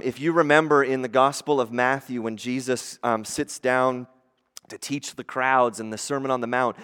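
A man preaching a sermon as pastor, conversational and animated, acting out the voices he quotes. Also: medium pitch, big-room sound.

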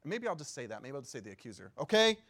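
A man's voice: medium pitch, sing-song, very fast, fairly bright tone. A man giving a casual sermon as a pastor, talking conversationally, joking and often asking his listeners questions. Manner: laughs easily and jokes.

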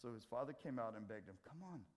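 A middle-aged man preaching a sermon in a church, swinging from loud scripture readings to quiet asides. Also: lowish voice, quick pace. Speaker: pastor. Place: church sanctuary.

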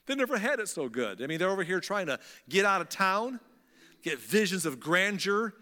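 A man's voice: sits high, very animated, normal speed, sharp tone, voice pushed up, full character voice. A sneering, arrogant pharaoh, as a preacher acts him out in a raised voice, talking down to his slaves in casual slang. The sound rings with the long echo of a big hall. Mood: indignant. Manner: mocking, dismissive, casual slang. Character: scornful arrogant male pharaoh, ancient king.

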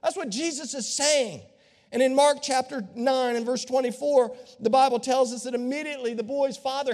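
High-voiced preacher in an echoing hall. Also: male voice. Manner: dramatic, acts out voices of Bible figures, swings from hushed to shouting. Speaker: pastor. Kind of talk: sermon. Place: church sanctuary. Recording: long hall reverb.

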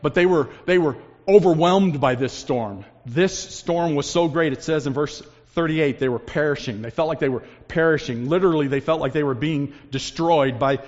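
A man preaching a sermon as pastor, swinging between loud emphasis and hushed, low lines. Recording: long reverb, dull lo-fi sound.

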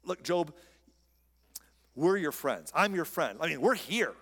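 A preacher in a reverberant hall voicing an earnest, well-meaning male friend who gently corrects a grieving man, in a pleading, reasonable tone. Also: fairly high pitch, sing-song, unhurried, husky, exaggerated voice. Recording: long reverb of a large hall.

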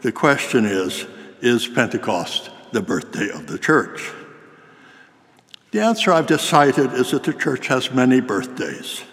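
An older man preaching a sermon in a cathedral, telling a story in a measured, formal way. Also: medium pitch, expressive, fairly bright tone. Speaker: priest. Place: large cathedral. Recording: long cathedral reverb.

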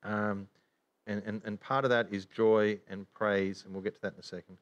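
A man teaching from the Bible in casual chat, animated, with many restarts. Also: lowish voice, normal speed, muffled recording. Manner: animated, acts out regretful inner voices, many restarts.

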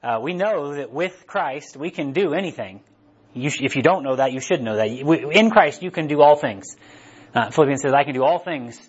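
A man's voice: fairly high pitch, animated, normal speed, slightly rough, dull audio. A man preaching a casual sermon in a conversational way, often checking in with "right?".

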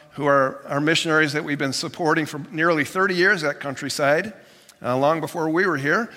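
Emphatic male pastor in a reverberant church. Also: pushed and bright. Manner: emphatic, rising to high pitch on exclamations. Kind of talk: sermon. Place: church sanctuary. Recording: long hall reverb.

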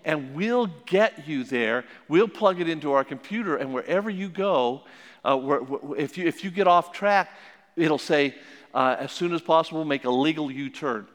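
A man's voice: on the high side, moderate pace, pitched above the performer's own voice, lightly acted. A man doing a chirpy young woman operator. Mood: helpful. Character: cheerful helpful young woman phone operator. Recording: long echoing hall reverb.

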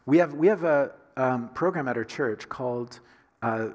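A man's voice: medium pitch, moderate pace, a little mellow, long reverb tail. A man from the Southern United States with a Southern accent, preaching a sermon in a conversational way full of rhetorical questions. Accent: Southern American. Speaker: pastor.

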